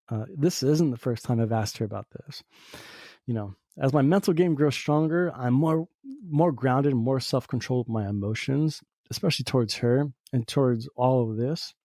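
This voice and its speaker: A man with a medium-pitched, dark-toned voice hosts a podcast, rambling through a personal, reflective monologue heavy on "you know" fillers. He lives in Southern Oregon, and the recording is dry and studio quality.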